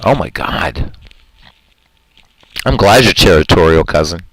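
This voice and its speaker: A man's voice: sits low, lively intonation, measured pace, a bit bright, no room sound, rough recording. A man hosting a live stream in casual chat, talking in an earnest, rambling, heartfelt way and answering his viewers' comments.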